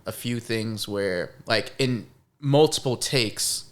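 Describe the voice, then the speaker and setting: Laid-back young man with a low voice. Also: takes it slowly. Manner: laid-back, slangy, many fillers and "you know". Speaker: filmmaker guest. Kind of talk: casual podcast conversation.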